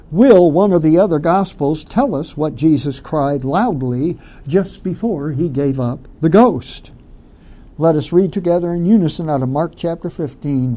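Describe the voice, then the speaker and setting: A man teaching a Bible study sermon, slow and deliberate, asking rhetorical questions and leading the listeners in reading scripture aloud. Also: fairly high pitch, mellow.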